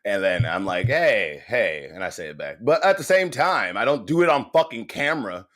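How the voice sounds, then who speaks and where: A man's voice: fairly low pitch, expressive, moderate pace, fairly bright tone. A man co-hosting a casual livestream, joking around and swearing freely. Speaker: stream co-host.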